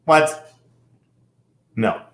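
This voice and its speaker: A man's voice: drawn-out words, fairly bright tone. A man hosts the conversation, asking questions and giving brief encouraging replies. He sounds like he is in an echoey room on a video call. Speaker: interviewer, programming director. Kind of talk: casual interview.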